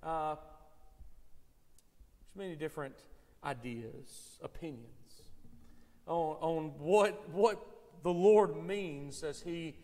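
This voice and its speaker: Earnest high-voiced preacher, church reverb. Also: male voice, takes it slowly, long pauses, warm tone. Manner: earnest, repeats words when starting phrases. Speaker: pastor. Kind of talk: sermon. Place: church sanctuary.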